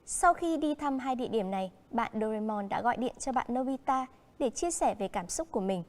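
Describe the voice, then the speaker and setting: A woman with a Vietnamese accent teaching a primary school English lesson, slow and encouraging, switching between English and Vietnamese. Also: on the high side, expressive. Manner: slow, encouraging classroom delivery.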